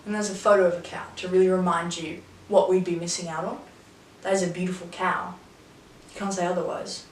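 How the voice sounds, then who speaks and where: A woman's voice: mid-range voice, fast, a little hiss or hum. Wry Australian woman, echoey and distant. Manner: chatty, wry, swears freely. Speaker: host of a quiz video. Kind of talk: casual quiz commentary. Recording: echoey room, mic set back.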